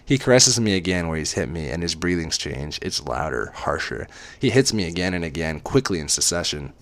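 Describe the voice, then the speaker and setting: A man's voice: deep voice, sing-song, brisk, fairly bright tone. A man reading a romance story aloud as dramatic first-person narration. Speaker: reader.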